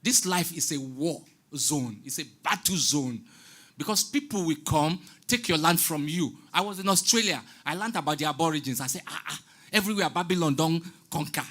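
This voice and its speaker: A man's voice: on the high side, expressive, moderate pace, pushed and bright. A Nigerian man in his sixties giving a public talk on stage, passionate and preaching, dropping into Pidgin. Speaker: guest artist speaking on stage. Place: stage in a large venue.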